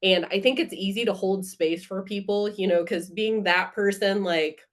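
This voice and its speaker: A woman's voice: mid-range voice, moderate pace. Earnest woman guest on a podcast. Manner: earnest and heartfelt, thinking aloud. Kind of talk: casual podcast conversation.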